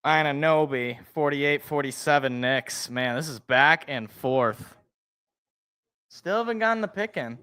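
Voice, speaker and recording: A man's voice: on the high side, unhurried, pushed and bright, clear, resonant tone. A young man hosting a live reaction stream, chatting casually and thinking aloud as he reacts, chuckling to himself now and then.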